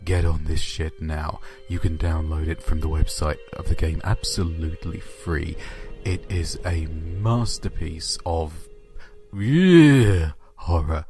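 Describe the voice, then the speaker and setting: Deep-voiced man reading over music. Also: level tone, a little slow. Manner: dry, offhand delivery with swearing. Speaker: narrator and channel host. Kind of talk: reading horror stories and casual talk. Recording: music playing underneath.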